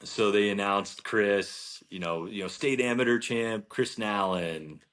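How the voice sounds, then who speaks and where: A man from New Jersey, a golf professional, telling an animated anecdote in an interview and acting out the dialogue. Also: lowish voice, measured pace. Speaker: golf professional, podcast guest. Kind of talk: storytelling interview.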